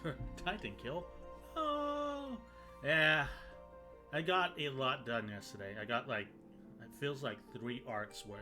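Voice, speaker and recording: A man streaming a video game, recapping and joking in casual, rambling, sometimes profane commentary. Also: medium pitch.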